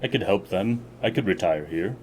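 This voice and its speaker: A man's voice: low-pitched, lively intonation, normal speed, a little hiss or hum, pitched below the performer's own voice, poor audio. A man voicing a weary old captain. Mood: wistful. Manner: quiet, tired, reflective. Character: weary older male ship captain, fatherly.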